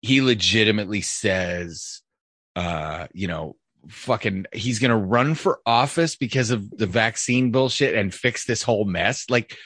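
A man's voice: fairly low pitch, animated, a little slow, a bit bright, no room sound. A man hosting a casual podcast chat, talking in a profane, rambling way. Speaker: podcast host.

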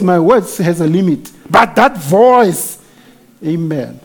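Male preacher with a high voice delivering an emphatic sermon, with hallelujahs and amens throughout. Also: a little mellow. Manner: emphatic, frequent hallelujahs and amens, rising to exclamations.

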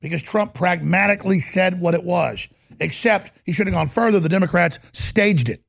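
A man rants in rapid, heated bursts on a talk show. His voice is high and gravelly, husky in texture, recorded close and dry. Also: dry recording. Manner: heated, rapid-fire ranting. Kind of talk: ranting commentary.

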